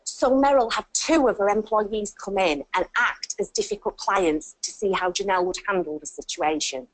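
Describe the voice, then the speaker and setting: A woman's voice: medium pitch, moderate pace, poor audio. Emphatic woman reality-show narrator. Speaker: narrator and commentator.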